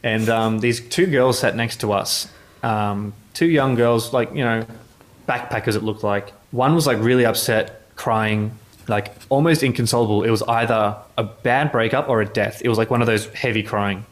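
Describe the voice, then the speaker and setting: A man's voice: lowish voice, normal speed. A man, a journalist telling casual anecdotes in an interview, rambling with many restarts. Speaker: motorsport journalist.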